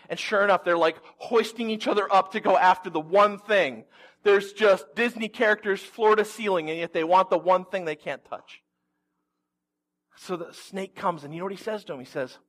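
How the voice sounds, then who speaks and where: A high, light-voiced man preaches in a relaxed, conversational way. He tells the story with animation and drops in humorous asides as he goes. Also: normal speed. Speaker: pastor. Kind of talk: conversational sermon.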